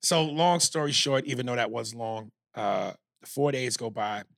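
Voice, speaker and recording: A man from New York telling a long, profane story on a podcast, animated and acting out quotes. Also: mid-range voice, a little slow, gravelly, no echo. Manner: animated, swears freely, acts out quotes. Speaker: podcast co-host.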